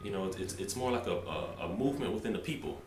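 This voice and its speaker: A man's voice: deep voice, lively intonation, fast, darkish tone, roomy sound, slight background noise. A man talking to camera in a rambling, emphatic way, often restarting his sentences. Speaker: vlogger. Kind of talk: casual monologue to camera.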